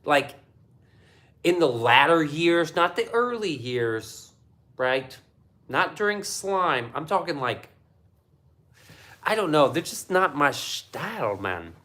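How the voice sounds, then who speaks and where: Man, livestream host, swearing rant, very lively pitch, reads chat. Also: takes it slowly, long pauses. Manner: profane, animated ranting.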